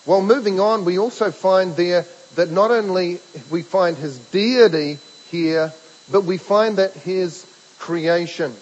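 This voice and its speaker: A man preaching a sermon, emphatic, asking rhetorical questions and slowing down on key words. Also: high-pitched, darkish tone. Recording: dull lo-fi sermon recording with hall reverb.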